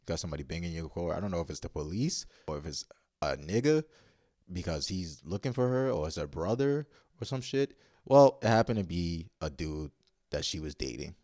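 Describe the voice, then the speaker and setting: A man's voice: low voice, very animated, moderate pace, mellow, dry recording, clean studio sound. A man casually telling a story-time tale in blunt, profane slang, rambling and restarting as he goes. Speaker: vlogger.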